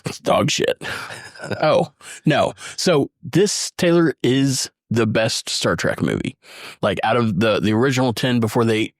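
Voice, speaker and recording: A man with a mid-range voice, praising a film with enthusiasm and the odd curse word. He talks in quick asides, close and dry to the mic. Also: mid-range voice, dry recording. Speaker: podcast co-host. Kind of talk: casual movie review chat.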